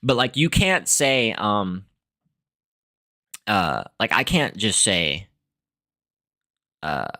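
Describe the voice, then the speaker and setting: A young man talks in a loose, rambling way, padding his thoughts with fillers and restarts and laughing often. His voice sits low, and its pitch swings widely from line to line. He sounds like a podcast host talking off the cuff. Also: very animated, extremely slow, pauses often, bright, forceful tone. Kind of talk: casual monologue on language and philosophy.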